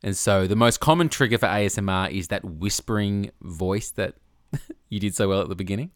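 A man's voice: on the low side, brisk, dry recording, studio quality. A man co-hosting a podcast, chatty, explaining research and laughing often. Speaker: podcast co-host. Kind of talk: casual chat. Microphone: studio microphone.

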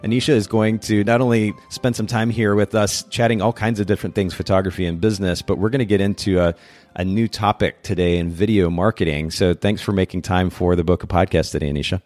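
A man's voice: deep voice, steady tone, quick pace, a little mellow, faint music behind. A man hosting a podcast in a chatty way, often restarting and rambling as he talks with his guest. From Japan. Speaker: podcast host. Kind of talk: casual podcast interview.

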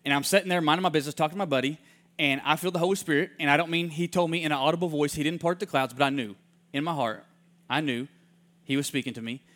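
A man preaching in a storytelling way. He acts out the people he quotes, and his voice drops soft and hushed in heartfelt moments. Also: a little high, fast. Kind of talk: sermon storytelling.

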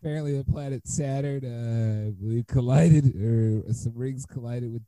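A man hosts a loose sports podcast, chuckling and rambling as he goes. His voice is warm and mellow, recorded close and dry with no room sound. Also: medium pitch, measured pace, no room sound, rough recording. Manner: laughing often, loose and rambling. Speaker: podcast host. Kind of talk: casual sports podcast banter.

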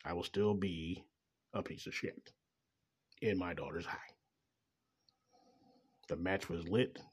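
Middle-aged man, deep low voice, husky grain, bitter rambling monologue, heavy swearing. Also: fairly even intonation, takes it slowly. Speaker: father venting about child support. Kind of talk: personal monologue.

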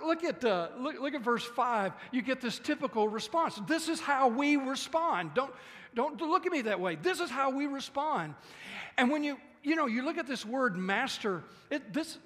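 A male pastor with a high voice delivers an animated sermon, slipping into the voices of the people he quotes. His words ring out with a long reverb, as in a large church hall.

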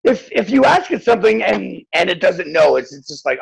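Male co-host, husky and gravelly, wildly lively pitch, profane storyteller. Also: a little fast, poor audio. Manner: animated, profane, acts out voices in stories. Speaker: podcast co-host. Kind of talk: casual chat.

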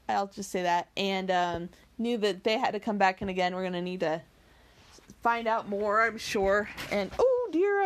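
Brief: casual, chatty woman reader, friendly asides, self-deprecating. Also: mid-range voice. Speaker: reader of an audiobook series. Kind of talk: reading a novel aloud and chatting about it.

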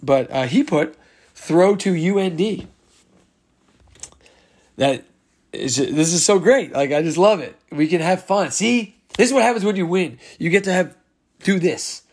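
A man's voice: sits high, lively intonation, unhurried, pauses often, slightly rough. A man hosting a casual solo sports podcast, chatting as he reads out listener replies and laughs along with them. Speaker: podcast host.

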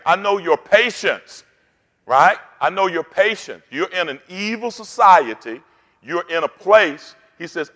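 A man's voice: a little high, fairly bright tone. Man preaching in a reverberant church hall. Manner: rousing, call-and-response preaching. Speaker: pastor. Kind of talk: sermon.

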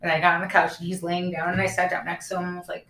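A woman in her thirties races through a candid personal story on the casual podcast she co-hosts, her voice lowish. She brings the people in it to life by animatedly acting out what they said, and the room carries a clear echo.

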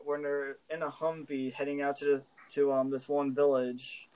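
A man's voice: mid-range voice, normal speed, slight background noise, poor audio. A man co-hosting a casual podcast chat, swearing freely, laughing often and telling stories with animation. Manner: profane, laughing, animated storytelling. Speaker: co-host.

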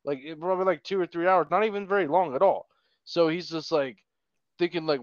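A man's voice: fairly high pitch, fairly quick, no room sound, lo-fi sound. A man on a podcast telling a long story in a casual, rambling way with lots of swearing. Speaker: podcast co-host.

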